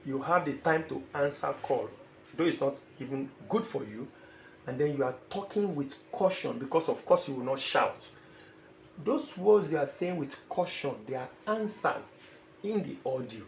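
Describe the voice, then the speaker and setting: Male teacher, emphatic lecture delivery, gravelly edge, slightly higher voice, roomy echo, faint background hum. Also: animated, moderate pace. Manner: emphatic, repeats phrases, acts out short dialogues. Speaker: IELTS teacher. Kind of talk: classroom-style lecture. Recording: echoey room with faint ambient noise.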